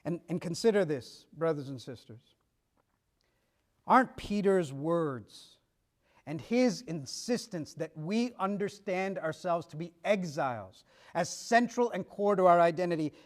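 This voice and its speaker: A man's voice: high-pitched, lively intonation, measured pace. A middle-aged man preaching, telling stories and acting out dialogue with shifts of pace and volume. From United States. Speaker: pastor. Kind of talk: sermon.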